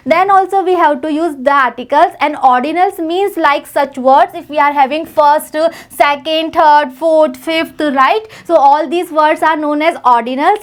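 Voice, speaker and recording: High-voiced Indian woman teaching grammar. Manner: explains in English mixed with Hindi, repeats "right?" and "you know". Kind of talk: grammar lesson.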